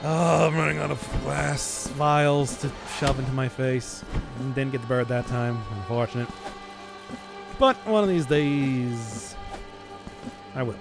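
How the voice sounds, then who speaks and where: Rambling Midwestern streamer, music behind. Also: male voice, medium pitch, measured pace, creaky. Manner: rambling, self-mocking, lots of fillers and restarts. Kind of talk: casual game commentary.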